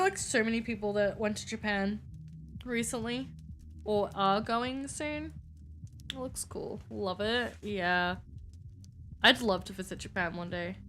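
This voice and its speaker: Woman streamer, high-ish voice, rambly chat, faint music behind. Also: bright, forceful tone. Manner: rambling, chatty, talks to chat, lots of "like". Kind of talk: casual live-stream chat while gaming.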